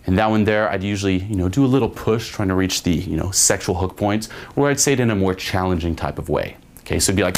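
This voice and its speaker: A man's voice: low-pitched, animated, brisk. A young man teaching a dating lesson in a casual way, often checking in with "okay?" and swearing now and then. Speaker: dating coach. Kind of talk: spoken lesson with acted examples.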